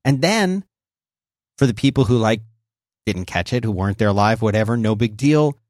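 A man co-hosting a podcast in casual chat, easygoing and quick to laugh, telling stories. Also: fairly low pitch, a little mellow, dry recording, studio quality. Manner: easygoing, laughs often, tells anecdotes. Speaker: podcast co-host. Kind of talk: casual chat, reads a sponsor spot.

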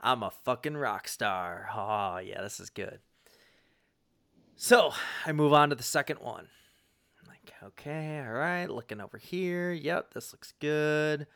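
Animated storytelling man, lively pitch. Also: slow pace, gravelly, clean tone, dry recording, studio quality. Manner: animated, swears freely, lots of fillers and restarts. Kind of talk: casual anecdote.

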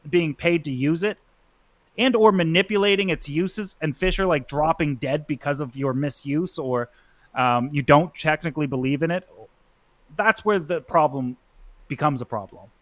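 Man, podcast guest, rambling and casual, fairly high voice, dry close sound. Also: moderate pace, no room sound. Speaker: guest influencer. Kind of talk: casual chat.

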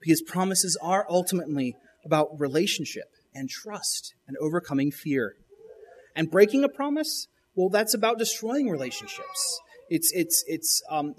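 Guy pastor, kinda high voice, sermon storytelling, lots of and-and restarts. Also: a little hiss or hum. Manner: storytelling with frequent restarts and rising emphasis.

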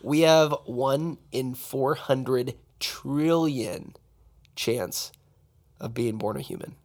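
Guy on a talk show, animated and jokey, gets fast when excited, mid voice. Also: medium pitch. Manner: laughs and jokes. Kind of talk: casual conversation.

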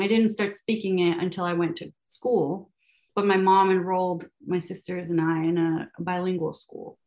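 Chatty young woman, Spanish speaker. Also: lowish voice. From Venezuela. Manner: chatty, many fillers and restarts, laughs often. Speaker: guest, math educator. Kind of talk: casual podcast interview.

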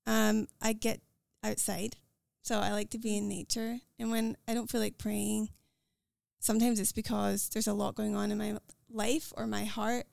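A woman's voice: medium pitch, creaky, darkish tone, no echo, studio quality. American woman with a Scottish lilt. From United States. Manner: quick, earnest, with many fillers and restarts. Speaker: podcast guest. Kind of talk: casual conversational interview.

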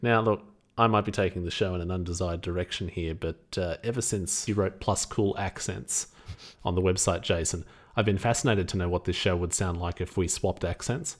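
A man's voice: sits low, moderate pace. A man with an Australian accent, co-hosting a podcast in wry, slightly hesitant casual chat. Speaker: podcast co-host.

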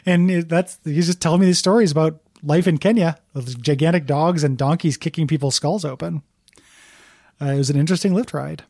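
A man's voice: on the high side, brisk, creaky, a little mellow, dry recording, clean studio sound. A man hosting a casual comedy podcast, telling stories in an easygoing, rambling way. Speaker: podcast host.

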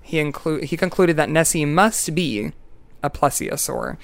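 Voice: medium pitch, unhurried, vocal fry. A podcast host telling a story in casual, playful chat, joking and laughing often.

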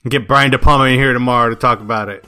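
Bright-voiced man bantering on a podcast. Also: mid-range voice, steady tone, rapid-fire, soft background music. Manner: playful, argumentative banter. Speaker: podcast co-host. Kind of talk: casual podcast chat.

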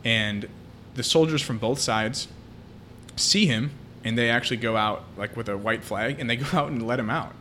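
A man's voice: mid-range voice, moderate pace, sharp tone, slight background noise. Man retelling a film plot. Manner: retelling a film plot at length, with many fillers. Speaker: podcast co-host. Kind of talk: casual podcast chat.

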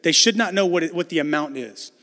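A man in his thirties preaching a sermon as a pastor, animated and acting out dialogue as he tells stories. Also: on the high side, fairly quick. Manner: animated storytelling, acts out dialogue. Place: church sanctuary. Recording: long hall reverb in a church.

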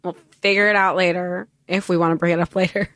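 A woman's voice: lowish voice, flat delivery, fast talker, a bit bright, dry recording. A woman co-hosting a casual book-club podcast, talking in an enthusiastic, giggly, conversational way. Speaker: podcast co-host.

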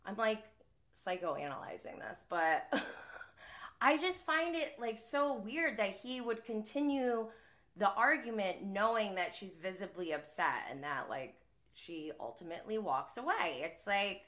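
A woman with a bright, crisp edge to her voice hosts a casual reality TV recap. She rambles in a loose, conversational way, full of "like" and quick laughs. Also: medium pitch, expressive. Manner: chatty, heavy use of "like", often laughing. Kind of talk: casual live-stream recap commentary.

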